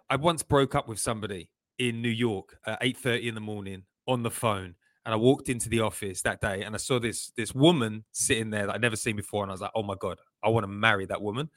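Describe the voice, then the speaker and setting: A man's voice: mid-range voice, a bit bright, dry recording. A man co-hosting a casual football podcast, talking in an earnest, sentimental, rambling way. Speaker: podcast co-host.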